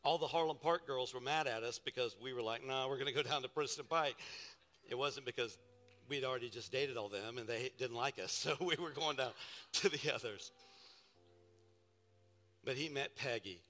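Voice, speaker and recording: A man's voice: medium pitch, moderate pace. A male pastor preaching a live sermon, telling playful stories and calling out to the congregation. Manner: storytelling, playful and animated, calls out to the congregation. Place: large church hall. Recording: live sermon in a reverberant hall with faint music.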